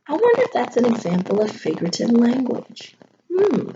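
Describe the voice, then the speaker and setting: A woman teacher reading a picture book aloud to her third grade class, pausing to ask the children questions. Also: fairly high pitch. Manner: expressive storyteller, pauses to ask the class questions. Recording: dull lo-fi audio with noticeable noise.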